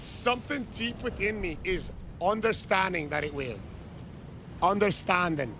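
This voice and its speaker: A man streaming a game live, loudly toasting and thanking his chat with shouted cheers. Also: sits high, measured pace, noisy background. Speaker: gaming streamer.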